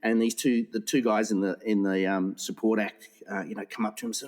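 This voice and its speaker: A man's voice: fairly low pitch, steady tone, brisk, hardly any pauses, a little mellow. A man co-hosting a casual comedy podcast. He rambles through jokes and laughs at his own punchlines. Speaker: podcast co-host.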